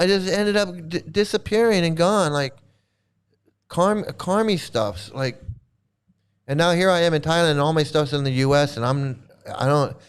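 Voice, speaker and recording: A man chatting casually and rambling, swearing freely, often laughing and mimicking others in quick asides. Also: fairly high pitch, clean tone. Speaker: streamer answering chat. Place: home in Thailand.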